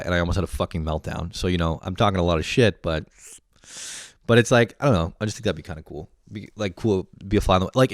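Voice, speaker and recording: Casual podcast guy in his late twenties, kinda low voice, cussing and rambling and poking fun at himself. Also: quick pace, no room sound, clean studio sound. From Canada. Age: late 20s. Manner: profane, rambling, self-mocking. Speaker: podcast host. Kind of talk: casual monologue.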